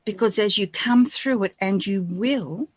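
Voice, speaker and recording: A woman co-hosting a spiritual radio show, speaking softly and reassuringly. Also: mid-range voice, measured pace, breathy edge, no echo. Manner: soft-spoken and reassuring. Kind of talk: gentle spiritual encouragement.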